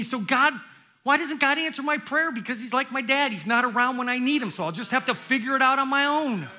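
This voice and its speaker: An older man preaching a sermon in church, intense, swinging from loud exclamations to hushed, quiet passages. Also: high voice. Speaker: pastor.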